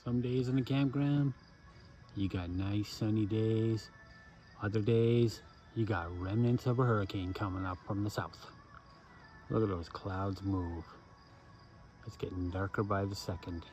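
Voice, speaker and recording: A man vlogging casually from a campground, rambling with lots of pauses and restarts. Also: lowish voice, steady tone, darkish tone, soft background music. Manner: rambling, frequent uhs and restarts. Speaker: camping vlogger. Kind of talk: casual vlog talk. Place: campground, outdoors.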